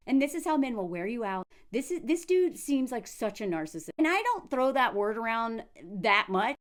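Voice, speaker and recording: A young adult woman giving blunt, animated reaction commentary with quick asides. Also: a little high. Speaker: commentary vlogger.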